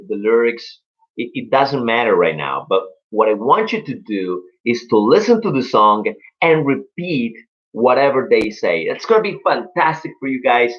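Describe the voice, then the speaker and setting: A young man gives an upbeat English lesson over a live stream, slowing down and drawing out the words he wants to stress. His voice sits in a middle pitch. The sound is a little dull and lo-fi. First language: Spanish. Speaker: English teacher.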